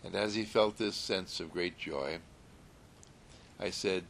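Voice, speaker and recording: Low gravelly guy, slow soothing sermon talk, gentle and repetitive. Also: a little hiss or hum.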